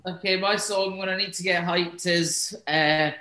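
A man's voice: high voice, fairly even intonation, measured pace, bright, forceful tone. A chef on a video call, laid-back and laughing easily as he chats. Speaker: chef, restaurant co-owner. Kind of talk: casual conversation. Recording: roomy echo.

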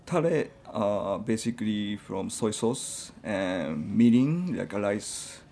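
A man who is a chef, chatting as a guest in an interview and speaking in halting, simple phrases with many fillers. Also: fairly low pitch, sing-song, warm tone, slight background noise. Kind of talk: casual interview chat.

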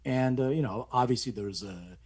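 A middle-aged man casually telling a family story, animated and acting out the voices of people he quotes. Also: normal speed, slight background noise. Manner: animated, acts out quoted voices with rising pitch.

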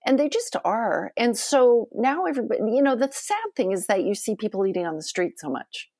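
A woman cookbook author and cooking teacher, talking in an expressive, enthusiastic way in a podcast interview. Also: a little high, brisk, no room sound, clean studio sound. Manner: chatty, expressive, enthusiastic storytelling.

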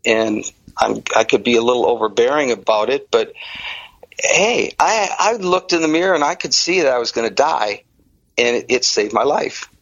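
A man's voice: medium pitch, animated, normal speed, a bit bright, no room sound. A middle-aged man from the Detroit area telling his own story in an interview, acting out the voices of people he quotes. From Detroit area, Michigan. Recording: dull, lo-fi, dry sound.

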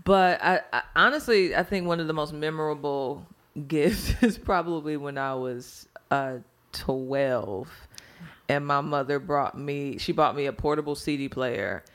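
A woman's voice: low-pitched, unhurried. A woman co-hosting a casual faith podcast, candid and practical, telling personal anecdotes. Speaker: podcast co-host.

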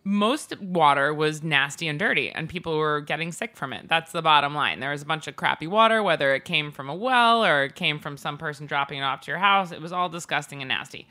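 A woman's voice: low-pitched, brisk, hardly any pauses, sharp tone. A woman co-hosting a casual podcast, chatty and given to laughs and crude asides. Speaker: podcast co-host. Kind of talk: casual chat.

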